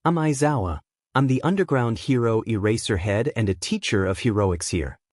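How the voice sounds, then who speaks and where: A man reads a story aloud, voicing a tired, blunt hero-teacher, a father determined to protect his child, in a dry monotone. His natural voice sits at an ordinary male pitch and moves at normal speed. The recording is close and dry, with no echo or room sound.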